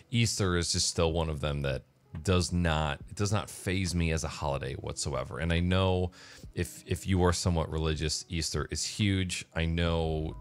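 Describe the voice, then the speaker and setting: A man with a very deep voice talks through a casual solo vlog, rambling loosely and leaning on filler words. Faint music sits quietly in the background. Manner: rambling, conversational, with many "like"s and fillers. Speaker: vlogger.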